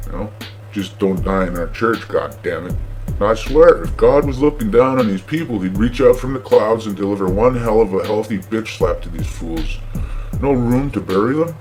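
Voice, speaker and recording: A man's voice: lowish voice, animated, normal speed, darkish tone, soft background music. A man hosting a show, ranting sarcastically about the news in a profane, mocking way. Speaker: podcast host. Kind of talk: comedic news rant.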